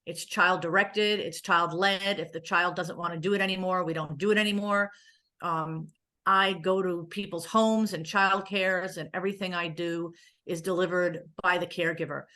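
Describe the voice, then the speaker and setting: A woman's voice: lowish voice, sharp tone. A woman therapist giving a conference presentation in a conversational way, with joking asides and frequent "um" fillers.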